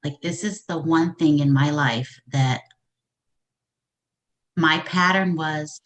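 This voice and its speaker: A woman's voice: low-pitched, slow, pauses often. A woman guest in a casual interview, speaking candidly and emotionally, with laughs and sighs. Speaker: interview guest, coaching client.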